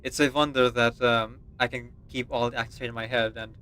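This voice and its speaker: A man's voice: medium pitch, level tone, a little fast, fairly bright tone, faint music behind. A man streaming a game, chatting casually and in a self-deprecating way, with frequent laughs. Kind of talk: casual livestream chat.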